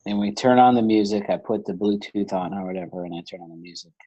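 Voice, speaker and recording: A man's voice: fairly low pitch, fast talker, mellow. A man co-hosting a casual comedy chat, telling a family story in a laid-back way with chuckles. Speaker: podcast co-host. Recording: dull lo-fi sound.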